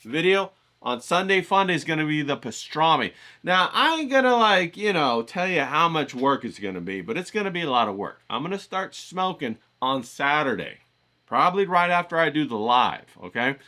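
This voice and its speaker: A man's voice: a little high, big pitch swings, normal speed, sharp tone. A man giving a casual motivational pep talk to his viewers, hyped and coaxing, with slangy repeated phrases. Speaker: motivational vlogger.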